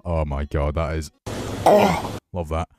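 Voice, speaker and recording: A young man commentating his football video game with excitable, sweary banter. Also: extremely low pitch, slow, slight background noise. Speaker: gaming YouTuber. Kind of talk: casual gameplay commentary.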